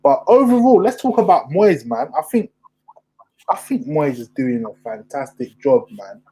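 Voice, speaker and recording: A young man hosting a casual football chat, animated and full of slang. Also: fairly high pitch, normal speed, a little hiss or hum, low-quality recording. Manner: animated, slangy, asks questions. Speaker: podcast host.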